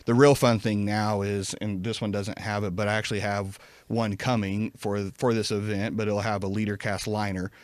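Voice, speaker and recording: A man's voice: on the low side, little pitch movement, moderate pace, few pauses, no echo. A man talking as a podcast guest in casual chat, rambling with many fillers and restarts. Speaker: podcast guest, event company president.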